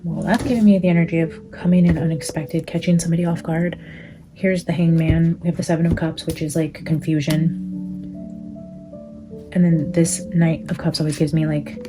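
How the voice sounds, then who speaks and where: A low-pitched woman lays out tarot cards, channeling a spirit as she goes. Her delivery is intense and profane, full of casual fillers, with music running underneath. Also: level tone, normal speed, poor audio. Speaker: tarot reader and medium.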